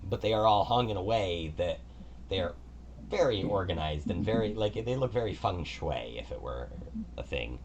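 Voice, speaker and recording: A man's voice: low voice, lively intonation, normal speed, dull audio, noisy background. A man narrating as game master of a tabletop game in a casual, descriptive way.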